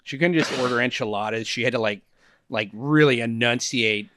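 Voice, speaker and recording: A man in his fifties chats loosely on a podcast, rambling and hunting for words between laughs. His voice sits at an ordinary middle pitch. The sound is close and dry, with no room around it. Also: normal speed, bright, forceful tone, no room sound. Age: 50s. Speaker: guest comedian. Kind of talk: casual podcast chat. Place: podcast studio.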